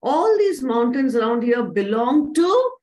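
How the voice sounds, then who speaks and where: Greedy male lake demon, threatening, shouting, as a woman storyteller puts him on, storybook. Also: high-pitched, sing-song, a little slow, reverberant.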